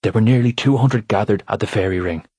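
A furious, fierce father, voiced by a male narrator, speaks with gruff anger in a story reading. The voice is low and husky and sounds dry and close to the mic. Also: fast talker, mellow, no echo. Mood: angry. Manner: angry, gruff. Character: furious fairy father, fierce grown man.

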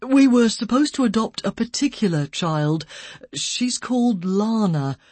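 A polite, upset husband speaks in measured, apologetic sentences that turn firm, as a woman narrator reads him. The storybook voice is husky, lightly raised, and heard close and dry. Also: fairly high pitch, expressive, darkish tone, no echo, pitched above the performer's own voice.

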